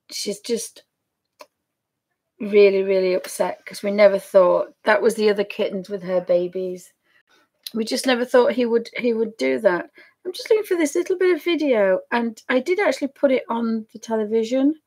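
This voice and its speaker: A woman's voice: medium pitch, normal speed, darkish tone. A woman with a Yorkshire accent chatting casually to camera as a craft vlogger, rambling and trailing off mid-sentence.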